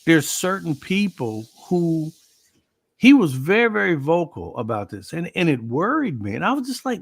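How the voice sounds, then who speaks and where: A man's voice: fairly high pitch, normal speed, gravelly, breathy edge, dry recording. A man in a conversational chat, earnestly recalling a late friend and acting out their talks, with many repeated words. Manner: animated, quotes himself and his friend at length, repeats words. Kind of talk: emotional conversational recollection.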